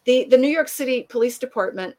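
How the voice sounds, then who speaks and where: Woman guest, kinda high voice, tells stories, acts out what people said, laughs a bunch. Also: a little fast. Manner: animated, acts out quoted voices, laughs often. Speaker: author and guest. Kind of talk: conversational storytelling.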